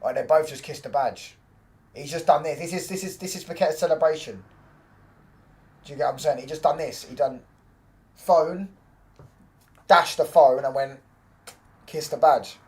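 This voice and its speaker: A man's voice: on the high side, normal speed, pauses often, a little mellow. A young man hosting a live football watchalong stream, chatting in casual slangy banter and reacting to the match and viewers' messages.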